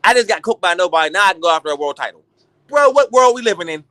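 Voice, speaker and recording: Bright-voiced man ranting on a stream. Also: sits high, rapid-fire, no echo. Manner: animated, profane, ranting. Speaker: boxing talk show host. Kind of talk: casual livestream rant.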